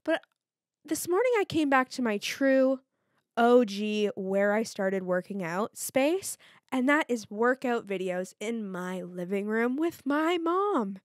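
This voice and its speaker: A woman's voice: fairly high pitch, lively intonation, takes it slowly, dry recording, studio quality. A young woman hosting her own podcast, chatting candidly and swearing freely as she tells stories. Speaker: podcast host. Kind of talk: casual solo podcast chat.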